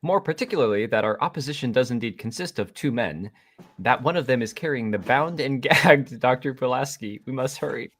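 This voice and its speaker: A man reading the part of an android playing a prim Victorian-style detective, clipped and precise as he lays out his deductions. The pitch swings widely as he reads. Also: animated, fairly quick, fairly bright tone. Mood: deducing. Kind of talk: live table read.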